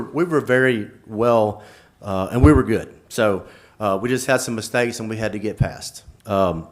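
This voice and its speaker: A man who coaches football, giving a halting, emotional speech at a school board meeting with nervous laughs. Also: fairly low pitch.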